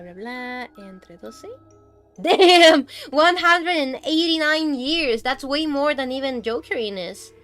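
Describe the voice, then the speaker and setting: A woman in her twenties chatting casually on her stream, telling a story with lots of giggles and excited exclamations. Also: high voice. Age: 20s. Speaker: VTuber streamer.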